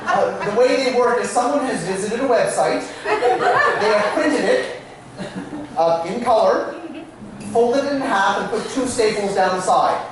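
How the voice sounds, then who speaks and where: Man, stage magician, playful self-mocking patter, distant mic, very roomy sound. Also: sits high. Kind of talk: comic stage patter with volunteers. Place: small theatre stage, live audience. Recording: echoey, distant live room recording.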